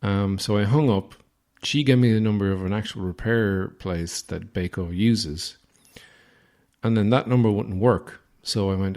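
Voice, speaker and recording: A man's voice: fairly low pitch, measured pace, darkish tone. An Irish man hosting a podcast, telling a comic story in a rambling, self-deprecating, crude manner. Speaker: podcast host.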